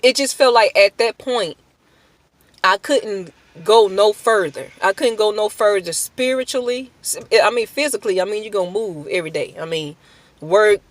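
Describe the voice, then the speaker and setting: A woman's voice: medium pitch, no room sound. A woman giving a personal faith testimony in earnest, emotional, informal speech, breaking into prayer. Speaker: testimony speaker.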